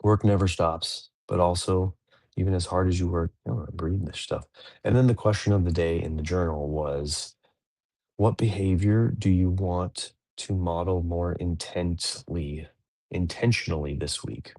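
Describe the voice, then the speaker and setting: A man in his thirties hosts a dads' podcast, talking through a daily reading in a rambling, self-correcting, casually reflective way. His voice is low and darkish with vocal fry, fairly even intonation, and normal speed, recorded with no room sound.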